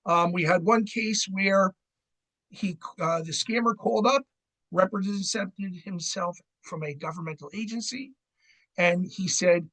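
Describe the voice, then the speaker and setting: On a low-quality recording, a middle-aged man from New Jersey runs a fraud seminar as a credit union educator. His high voice is fairly bright and a little slow, and he chats with listeners, asking "right?" again and again.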